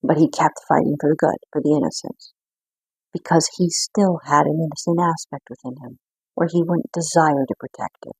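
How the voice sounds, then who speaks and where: Low, gravelly-voiced woman giving a card reading. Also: steady tone, a little mellow, dry recording. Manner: earnest, reflective, with frequent pauses. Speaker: spiritual card reader. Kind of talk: intuitive card reading monologue.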